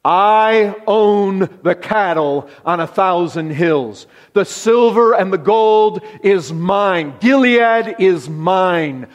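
Slow, emphatic preacher in a reverberant hall. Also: male voice, animated, lo-fi sound. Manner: emphatic, slow and deliberate, drops low for stress. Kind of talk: sermon. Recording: long reverb of a large hall.

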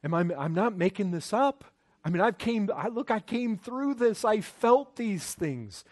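A male preacher with a fairly high voice, delivering an impassioned sermon. He builds to loud, urgent pleading, stumbling and restarting as he pushes his point. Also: lively intonation, unhurried.

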